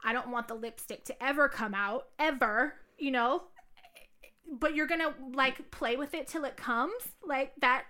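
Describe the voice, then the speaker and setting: A woman's voice: sits high, unhurried, sharp tone. A young woman telling stories in casual, profane podcast chat, full of fillers. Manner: candid, profane, storytelling with many fillers. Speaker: podcast co-host.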